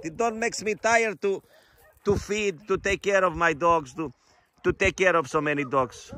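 A middle-aged man who runs an animal shelter, chatting casually on camera in halting, non-native English and coaxing his dogs fondly. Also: on the high side, sharp tone. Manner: fond, coaxing talk to the dogs. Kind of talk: casual vlog narration.

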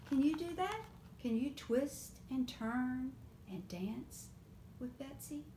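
Woman, children's story time reader, slow unhurried reading, animated, interactive with kids. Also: sits high, slight background noise. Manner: animated, asks children questions and invites them to join in. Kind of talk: reading picture books aloud to young children.

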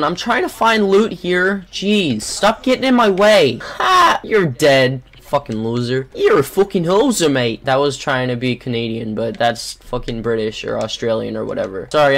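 Young gamer ranting over gameplay, swears a lot, voice bounces up and down, desk mic. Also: mid-range voice. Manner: sarcastic, swears often, grumbles at a game character. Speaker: gaming channel host. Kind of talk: casual gameplay commentary. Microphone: desktop USB microphone.

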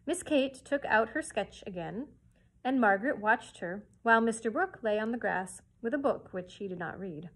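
A woman children's librarian reading a classic novel aloud to listeners, in a clear, expressive way. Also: a little high, normal speed, poor audio. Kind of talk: read-aloud storytelling.

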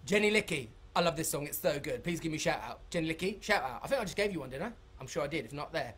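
A man leading a live-streamed dance tutorial, excitable and chatty, reading out viewer comments and breaking into high whoops. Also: rapid-fire, echoey room, recorded from a distance. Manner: bursts into high shouts and whoops. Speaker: dance workshop leader.

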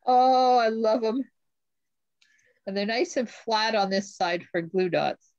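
A woman's voice: fairly high pitch, takes it slowly, darkish tone, no echo, dull audio. A woman hosting a casual crafting live stream, gushing and exclaiming over each item she unboxes.

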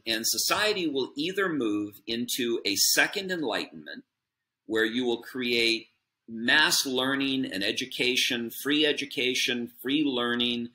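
Earnest, bright-toned man explaining ideas. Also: medium pitch. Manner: earnest, explanatory, with frequent fillers and tag "right?". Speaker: podcast guest, business chairman. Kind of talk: conversational interview answer.

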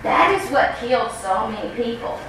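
A woman giving an earnest, insistent public comment at a school board meeting, often pausing to ask "okay?". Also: on the high side, big pitch swings, fairly bright tone, recorded from a distance, a little hiss or hum. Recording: very echoey room heard from afar.

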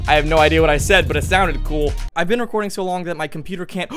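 A man's voice: on the high side, quick pace, hardly any pauses, a bit bright, faint music behind. A man giving goofy, jokey commentary while playing a video game, exclaiming and talking to other players as he goes. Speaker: gaming YouTuber.

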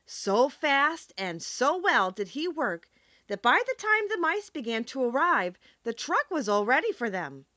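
A woman reading a classic children's story aloud as an audiobook narrator, expressive and measured. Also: high-pitched, no room sound, muffled recording.

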